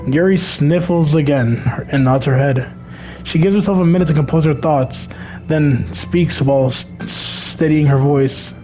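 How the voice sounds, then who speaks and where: A man's voice: on the high side, measured pace, mellow, soft background music. A man reading a visual novel aloud for a let's play, stumbling over words and dropping crude asides.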